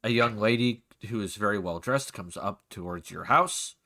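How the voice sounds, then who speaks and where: Male GM, bright, forceful voice, loose casual narration. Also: lowish voice, normal speed. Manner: casual, chatty, with frequent fillers. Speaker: game master. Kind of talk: narrating a tabletop game.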